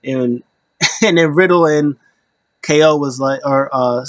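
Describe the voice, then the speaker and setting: A man's voice: on the high side, takes it slowly, a bit bright, no echo. Rambling man recapping wrestling casually. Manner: rambling, filler-heavy, jumps into quoted voices. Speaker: wrestling show recap host.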